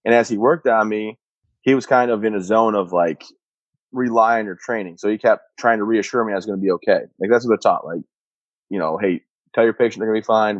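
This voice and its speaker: A man in his thirties, a combat veteran, telling his own story in a steady, matter-of-fact way. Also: fairly low pitch, no room sound. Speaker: interview guest, combat veteran. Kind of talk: personal storytelling. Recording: dull muffled sound, dry.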